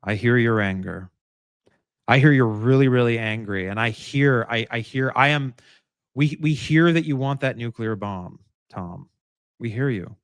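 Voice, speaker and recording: A man playing a calm, soothing male hostage negotiator who speaks softly and reassuringly. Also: medium pitch, no room sound, clean studio sound, natural voice. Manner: slow, soft, reassuring.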